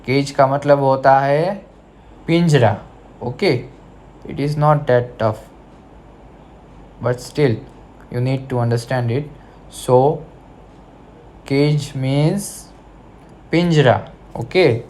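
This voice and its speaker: A male teacher with an Indian English accent talks schoolchildren through a chapter at a very slow pace. His pitch sits in an ordinary middle range. He repeats each word and spells it out letter by letter. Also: a little mellow, slight background noise. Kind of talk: English lesson for children.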